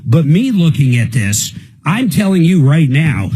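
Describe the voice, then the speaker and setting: A man's voice: on the high side, very animated, measured pace, mellow, slightly rough, rough recording. A male radio host on a live consumer call-in show, talking in a fired-up, indignant rant. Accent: American.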